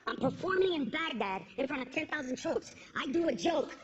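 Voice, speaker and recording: A woman's voice: high voice, animated, brisk, crowd noise. A woman performing a stand-up comedy set on stage, punching out her lines and slipping into put-on voices for her jokes. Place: stage before a live audience. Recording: lo-fi with background noise.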